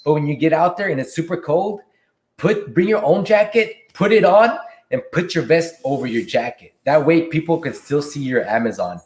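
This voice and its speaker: A man hosting a casual livestream Q&A, reading viewer questions aloud and answering them in a relaxed way from a room at home. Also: a little high, moderate pace. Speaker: livestream host and delivery driver. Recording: echoey room.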